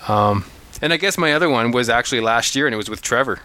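A man co-hosting a podcast, telling hunting stories in an animated, casual way, often restarting his sentences. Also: mid-range voice, quick pace, a little hiss or hum. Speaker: podcast co-host. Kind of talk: casual storytelling chat.

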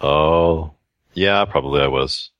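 Very deep stuffed-up man. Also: takes it slowly, a bit bright, no room sound. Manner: self-deprecating, laughs easily. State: stuffed-up nose. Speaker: podcast host. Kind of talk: casual podcast banter.

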